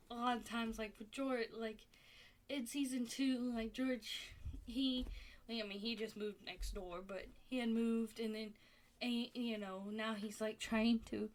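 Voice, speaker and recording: A woman's voice: a little high, darkish tone. A woman talking casually at home, rambling and exasperated, with many fillers and restarts. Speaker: podcast host reviewing a TV show. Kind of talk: casual chat.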